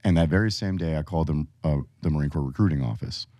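A man with a low, deep voice tells his story as a podcast guest, easygoing and chatty. He slips into animated impressions of the people he quotes. The sound is dry and close. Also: fast, no echo. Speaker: podcast guest, Marine Corps veteran. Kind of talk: casual storytelling.

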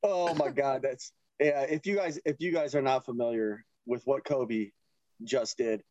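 A man's voice: medium pitch, fairly even intonation, unhurried, darkish tone, no echo, lo-fi sound. A young man co-hosting a casual podcast, loose, profane and laughing easily. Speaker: podcast co-host.

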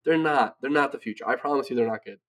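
A man's voice: medium pitch, fast, a bit bright. A man co-hosting a sports podcast in casual chat, ranting brashly with lots of swearing and frequent "right?" asides. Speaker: podcast co-host. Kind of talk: profane casual sports talk.

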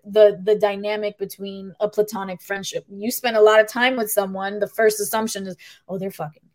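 Fast-talking emphatic woman co-host. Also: mid-range voice, little pitch movement. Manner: emphatic, talks fast in bursts, swears casually. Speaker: podcast co-host. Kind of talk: casual chat.

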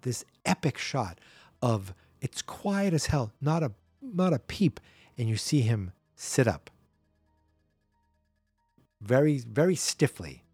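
Animated man recapping a horror film. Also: medium pitch, husky, dry recording. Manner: animated storyteller acting out characters' lines. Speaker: podcast host. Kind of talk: casual movie recap.

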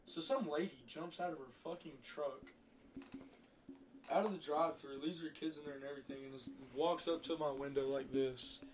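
A man's voice: a little high, normal speed. A young man, from the Florida Panhandle, telling brash, profane stories as a podcast guest. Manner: brash, profane, animated storyteller. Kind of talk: casual podcast chat.

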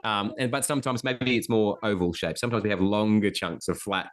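A man with a fairly low voice talking casually. He tells history stories wryly, full of asides and gossip. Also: steady tone, brisk. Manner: chatty, wry storyteller with asides and laughs. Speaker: podcast guest. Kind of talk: casual conversation.

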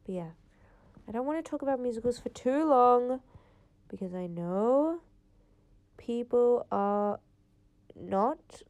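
A woman's voice: on the high side, lively intonation, slow pace, pauses often, a little mellow, clean tone. Chatty teen girl podcaster. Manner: rambling, chatty, lots of "like" fillers. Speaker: podcast host. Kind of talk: casual solo podcast chat. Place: home, late at night.

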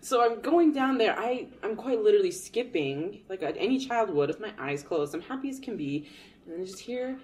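A young adult woman co-hosting a casual chat show, telling stories in an animated, laughing, dramatic way. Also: mid-range voice, normal speed. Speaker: co-host.

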